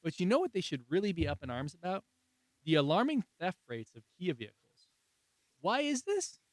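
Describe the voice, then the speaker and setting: A man co-hosting a casual podcast, reading short pun jokes with a deadpan setup. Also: high voice, brisk, dry recording, rough recording. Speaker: podcast co-host.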